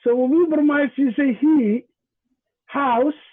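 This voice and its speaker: A man teaches over a video call, and his voice sits very high for a man. He spells out sounds one by one, in a deliberate, patient way. The audio is thin and tinny, like a phone line. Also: fairly even intonation. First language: Somali. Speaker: Somali language and culture presenter.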